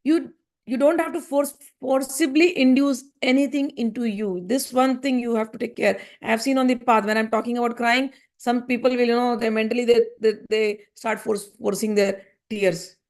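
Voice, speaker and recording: A woman giving a spiritual discourse, earnest and gently reassuring, repeating her points. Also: a little high, fairly even intonation, moderate pace. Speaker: spiritual teacher.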